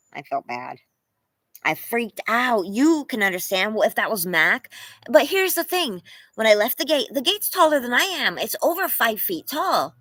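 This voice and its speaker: A young woman from California hosts a casual livestream from her home, animated and laughing often as she thanks viewers by name. Her voice is fairly high, with no room sound but a rough recording.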